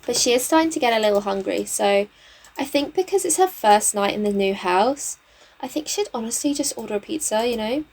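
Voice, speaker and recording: A woman hosting a game channel, chatting excitably through a let's play with lots of fillers. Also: a little high, fairly quick. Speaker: gaming channel host. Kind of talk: casual let's play commentary.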